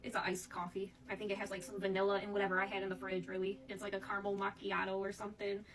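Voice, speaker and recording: A woman's voice: mid-range voice, completely flat delivery, very fast, recorded from a distance, low-quality recording. A woman giving a casual tarot reading, chatting to her viewers and often calling them "Divine Collective". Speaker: tarot reader.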